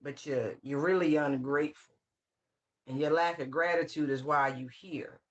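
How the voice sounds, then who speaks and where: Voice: medium pitch, a bit bright, a little hiss or hum. A tarot reader giving a casual channeled reading, full of slang and swearing, who scolds with sassy call-outs and repeated phrases. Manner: slang-heavy, swears freely.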